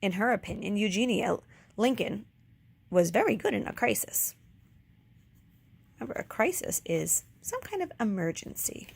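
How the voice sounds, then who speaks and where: A woman teacher reading a children's book aloud, pausing to explain words for young kids. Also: mid-range voice, very animated, gravelly, husky.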